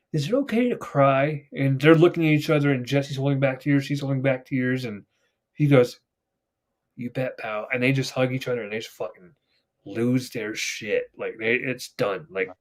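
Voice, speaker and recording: A man's voice: medium pitch, fairly even intonation, moderate pace. A man hosting a casual podcast chat, telling stories with lots of swearing and acting out the characters' lines. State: getting choked up. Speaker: podcast host.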